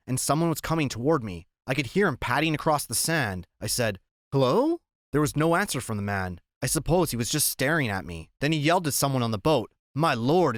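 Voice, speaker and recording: Male narrator for a novel audiobook; animated delivery, dry studio sound. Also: mid-range voice, no echo. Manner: expressive reading, acting out shouted lines.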